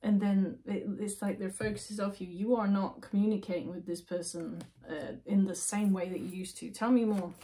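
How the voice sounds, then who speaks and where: A woman's voice: medium pitch, fairly even intonation, normal speed, few pauses, dark tone. A woman giving a tarot reading to viewers, thinking aloud with restarts and asides and getting emotional as she goes. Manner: emotional, intuitive, self-interrupting. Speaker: tarot reader.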